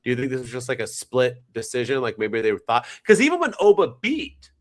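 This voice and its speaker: A man co-hosting a podcast, chatting casually in an animated, rambling, jokey way. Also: mid-range voice, fairly quick. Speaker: podcast co-host. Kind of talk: casual chat.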